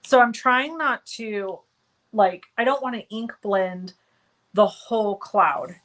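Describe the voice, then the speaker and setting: Speaking slowly in a mid-range, fairly bright voice, a woman hosts a live cardmaking tutorial over poor audio. She keeps talking while she works and addresses viewers' comments by name in a self-deprecating way.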